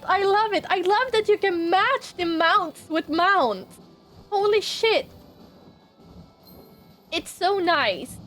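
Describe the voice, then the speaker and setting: Woman streamer, high voice, easy slow delivery, giddy and teary, casual live chat. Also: a bit bright. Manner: emotional, laughing, swearing, near tears. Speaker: game streamer.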